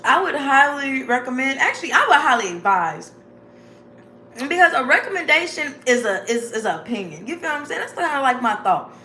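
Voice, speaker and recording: Her voice is high-pitched and sharp, a little fast, with big pitch swings, as this vlogger rambles through a casual, informal motivational talk. Frequent laughter breaks in, she calls her viewers "y'all" and "babes," and the echoey room has faint background noise.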